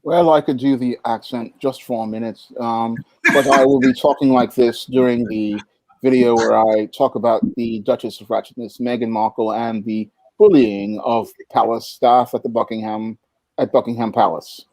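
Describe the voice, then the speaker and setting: A man's voice: medium pitch, steady tone, moderate pace, darkish tone, no room sound, poor audio. A man, an author guest on a live stream, talking in an easygoing, matter-of-fact way. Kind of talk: casual live-stream chat.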